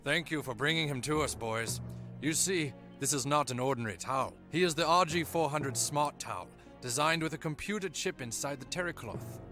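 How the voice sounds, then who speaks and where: An actor voicing a pompous lab scientist in a cartoon, speaking in a formal, lecturing way. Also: male voice, fairly high pitch, brisk, bright, forceful tone, soft background music. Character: pompous male lab scientist explaining a plot.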